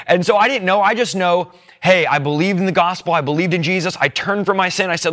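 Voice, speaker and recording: A young man earnestly telling an emotional personal conversion story, shifting between hushed and excited moments. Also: high voice, a little fast. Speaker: testimony speaker.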